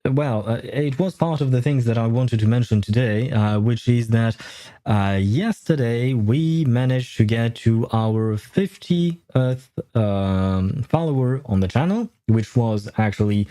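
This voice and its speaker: A man's voice: mid-range voice, lively intonation, unhurried, dark tone. A man streaming live, chatting casually and rambling with many fillers, self-corrections and laughs; English is not his first language. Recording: faint music behind. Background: faint game music.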